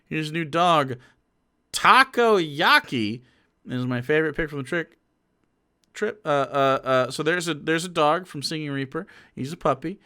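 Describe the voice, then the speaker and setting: A man streaming casual commentary into a microphone, loose and profane, swinging between muttered asides and loud rants. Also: on the high side, moderate pace.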